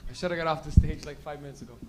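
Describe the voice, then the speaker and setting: A man's voice: a little high, level tone, very fast, a little mellow. A young man hosting a stand-up comedy show, rambling and giggling through stoned banter with a live crowd. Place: small comedy stage with live audience.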